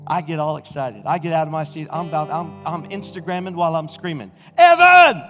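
A middle-aged senior pastor, preaching an exuberant sermon and shouting praise in a church sanctuary. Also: male voice, on the high side, fairly even intonation, quick pace, soft background music. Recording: reverberant church hall.

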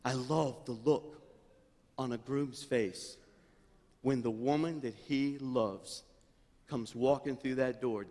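A male pastor preaching a sermon, swinging between fervent, near-shouted passages and quiet, chatty storytelling. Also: mid-range voice, long reverb tail. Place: church sanctuary.

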